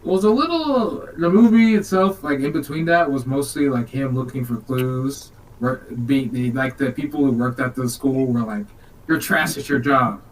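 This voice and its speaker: A man's voice: medium pitch, normal speed, few pauses, distant mic, rough recording. Man joking through a movie recap. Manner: animated, joking retelling. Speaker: podcast co-host. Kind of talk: casual chat reviewing a movie.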